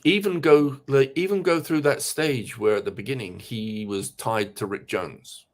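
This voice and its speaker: Hesitant, halting man of middle pitch. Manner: hesitant, halting, many restarts. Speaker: podcast co-host. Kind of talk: casual chat.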